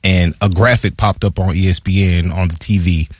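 A former pro football player telling casual stories as a podcast guest, acting out quoted dialogue. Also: male voice, low voice, a little fast, breathy edge. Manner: animated, acts out quoted dialogue. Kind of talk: casual storytelling.

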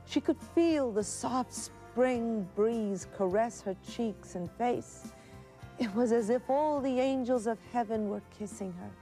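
A woman narrating a devotional documentary in a gentle, reverent way. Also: a little high, slow pace, soft background music.

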